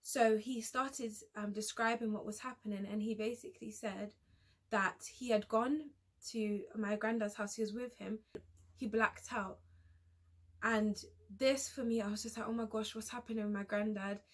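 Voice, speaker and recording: A young woman vlogger telling a personal story in a hesitant, halting way, often restarting her sentences. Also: a little high, fairly even intonation. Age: young adult.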